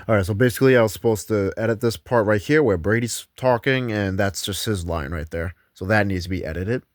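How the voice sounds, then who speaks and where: A man's voice: on the low side, brisk, no echo, clean studio sound. Casual man narrating a ghost hunt. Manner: rambling, loose, self-correcting. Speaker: paranormal show narrator. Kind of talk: casual paranormal investigation narration.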